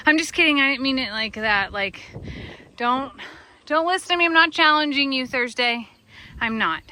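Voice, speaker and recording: Chatty farm woman with a bright voice. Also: high-pitched, expressive, normal speed, a little hiss or hum. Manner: chatty, self-deprecating, coos to animals. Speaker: farm vlogger. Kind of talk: casual vlog narration. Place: outdoors on a farm.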